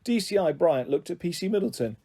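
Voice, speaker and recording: A man reads a children's book aloud, his voice warm and mellow. His pitch sits fairly high and moves a lot, and he jumps up higher still when he voices the characters. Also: lively intonation, fairly quick, slightly rough. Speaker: storyteller.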